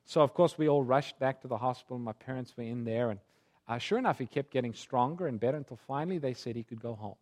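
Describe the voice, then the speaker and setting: A man preaching a sermon through a personal story, his delivery swinging from hushed tones to fervent pleading. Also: mid-range voice, fast talker.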